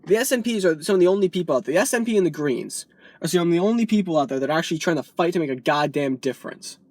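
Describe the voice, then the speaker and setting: A woman's voice: lowish voice, animated, rapid-fire, a little mellow, dry recording. A woman vlogger delivering a heated, profane political rant, from the United States.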